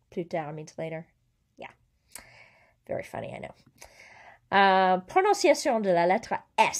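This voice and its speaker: Woman teaching a language lesson, clear careful explaining, slows down on examples. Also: on the low side, darkish tone. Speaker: French teacher.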